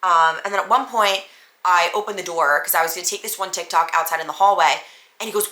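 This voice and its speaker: A woman podcast host telling a personal story in a casual, animated way, full of "like" and "um". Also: on the low side, fast. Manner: animated, frequent "like" and "um" fillers. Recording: echoey room.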